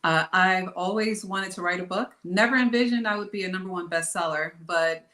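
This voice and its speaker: A woman speaking as a guest author on a video call, bubbly and grateful and quick to laugh. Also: fairly low pitch, bright, forceful tone, roomy sound. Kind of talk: casual chat on a video call.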